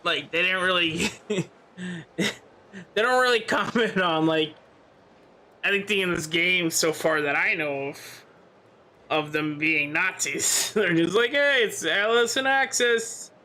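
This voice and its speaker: A man chatting casually as he plays a game, rambling through his points and laughing often. His voice sits high with a bright tone. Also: slow, long pauses. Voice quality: laughing, rambling, filler-heavy. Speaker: gamer. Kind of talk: casual gameplay commentary.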